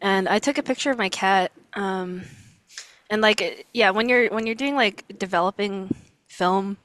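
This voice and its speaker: A woman hosts a casual interview, talking in a loose, chatty way with plenty of "like" and easy laughter. Her voice sits at an ordinary pitch for a woman. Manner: relaxed, chatty, quick to laugh.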